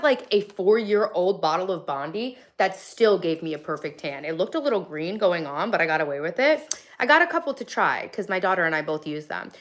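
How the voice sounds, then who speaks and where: A woman in her thirties with a faint, softened Long Island accent hosts a casual livestream from her home studio. She reads viewer comments and answers them in a chatty, quick way. Her talk is full of ums and restarts. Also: medium pitch. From Long Island, New York. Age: 30s. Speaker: livestream host.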